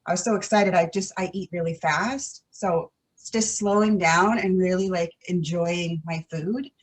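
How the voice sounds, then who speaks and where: A woman's voice: lowish voice, normal speed, low-quality recording. A woman coaching client on a video call, talking in a candid, chatty way. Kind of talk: casual chat on a video call. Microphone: video call mic.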